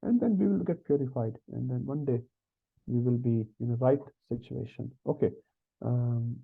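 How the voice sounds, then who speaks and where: A man teaches a scripture class online, talking casually and dropping in little tag questions. His voice sits at an ordinary middle pitch. It comes through thin and phone-like, as on a video call. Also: vocal fry, breathy edge. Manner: conversational, frequent tag questions. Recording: tinny phone-like call audio.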